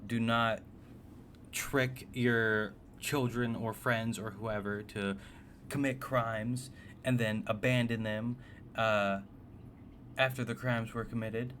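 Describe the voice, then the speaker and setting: A man's voice: medium pitch, steady tone, takes it slowly, a bit bright. A man casually narrating a personal story, blunt and swearing often, with a faintly noisy background. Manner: blunt, profane, exasperated.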